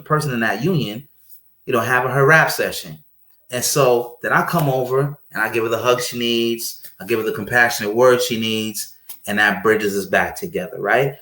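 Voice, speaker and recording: A man talking casually about marriage and faith, telling stories and acting out quoted speech with lively energy. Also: medium pitch. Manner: animated storyteller, acts out quoted speech. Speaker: guest speaker on marriage. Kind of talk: casual conversational preaching. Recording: roomy echo.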